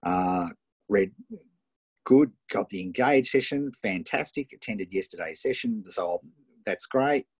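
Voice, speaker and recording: A middle-aged Australian man coaching entrepreneurs on a live webinar, energetic and encouraging, often ending points with "right?", recorded on a tablet mic. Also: mid-range voice, normal speed, slightly rough, no room sound. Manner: energetic, tag questions, reads out students' wins. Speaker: online business coach. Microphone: iPad Pro built-in mic.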